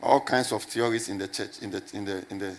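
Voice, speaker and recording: A man's voice: fairly low pitch, fairly even intonation, a little fast. A middle-aged man, a pastor, preaching a sermon and asking his congregation to repeat his words back. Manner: call-and-response preaching, repeats questions to the crowd.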